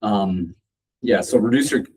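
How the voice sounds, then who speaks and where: A man moderating a casual panel, relaxed, summarizing points and asking questions. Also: fairly low pitch, measured pace, a little hiss or hum, low-quality recording.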